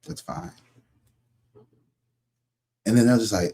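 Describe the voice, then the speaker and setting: A man with a husky, slightly low voice gives a casual tarot reading straight to his listener. His tone is warm and mellow, conversational and blunt, and he swears freely. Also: lively intonation, normal speed. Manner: conversational, acts out other people's voices. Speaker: tarot reader.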